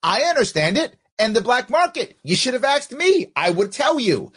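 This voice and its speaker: A husky-voiced man talks back at a recorded speech with biting sarcasm. His pitch jumps around a lot, swinging from high mocking tones down to low muttered asides. He sounds like a political commentator picking apart every sentence. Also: very animated, normal speed, fairly bright tone. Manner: sarcastic, argues back at the clip. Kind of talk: mocking commentary over a clip.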